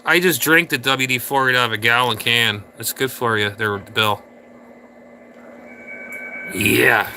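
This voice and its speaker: A man's voice: mid-range voice, sharp tone, slight background noise. A man hosting a casual livestream, rambling and ranting crudely at viewers in chat. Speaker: livestream host.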